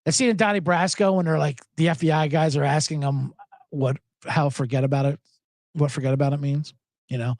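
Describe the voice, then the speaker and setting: A man's voice: on the high side, steady tone, fairly quick, a little mellow, no echo, faint music behind. A man hosting a sports betting podcast, rambling and joking profanely in a casual monologue. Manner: profane, joking, rambling, breaks into mock impressions.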